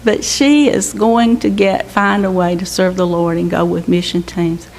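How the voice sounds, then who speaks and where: A woman's voice: fairly low pitch, fairly even intonation, a little slow, vocal fry, a little mellow. An older woman giving an earnest, exhorting church testimony about a mission trip. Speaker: mission team member reporting to her church. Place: church sanctuary. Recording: echoey church hall with faint hiss.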